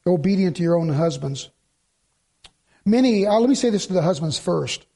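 This sermon comes from a middle-aged man whose voice is notably high, with vocal fry, at a moderate pace. He narrates with animation, adopting the voices of those he quotes and repeating points to stress them.

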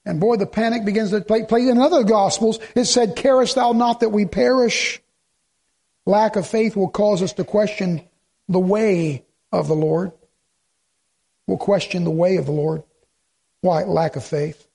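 Pastor guy preaching in church, real high voice, asks the crowd questions, gets sarcastic. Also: steady tone, measured pace, gravelly, dark tone. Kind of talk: sermon.

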